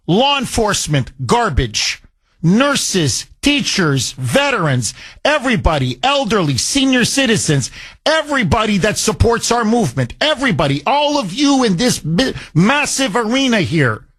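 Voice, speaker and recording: Indignant talk radio host, lively and high. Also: male voice. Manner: indignant, rhetorical, emphatic.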